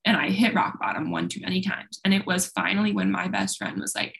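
A woman's voice: medium pitch, steady tone, a little fast, gravelly, few pauses, fairly bright tone. A young woman speaking openly and at length as an interview guest, talkative and self-deprecating. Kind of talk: candid personal conversation.

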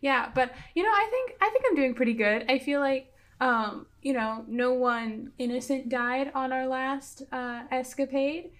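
A woman's voice: sits high, unhurried, few pauses, a bit bright. A woman playing a tabletop game, chatty and bubbly with many fillers. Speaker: player. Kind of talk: casual in-character play.

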